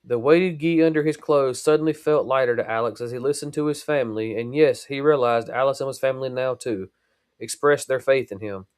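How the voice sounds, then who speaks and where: A man reading a chapter of his own novel aloud on his podcast. He narrates steadily, at a middle pitch. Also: fairly quick, clean tone.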